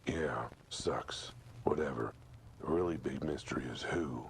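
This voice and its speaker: A man voicing a cynical male cat detective, delivering a hushed, half-whispered noir monologue in a video game. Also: rumbling low, a little slow, creaky, slight background noise, full character voice. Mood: puzzled.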